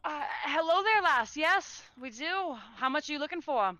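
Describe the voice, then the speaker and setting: A woman's voice: high voice, animated, moderate pace, pushed and bright, no room sound, voice pushed up. A woman voicing a kindly older female shopkeeper who calls people honey and hun. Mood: friendly.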